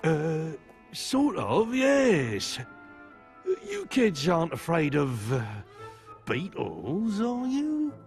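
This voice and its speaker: A man's voice: a little high, huge pitch swings, very slow, soft background music, full character voice. A man voicing a nervous merchant in a video game who loathes beetles and hesitates as he speaks. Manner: nervous, hesitant, then vicious about vermin. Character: jittery male merchant who hates beetles.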